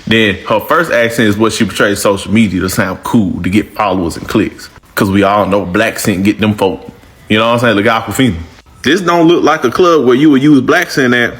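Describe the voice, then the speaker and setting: Man, low-pitched, slangy and emphatic, casual reaction commentary. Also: a little fast, a bit bright. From northern Louisiana.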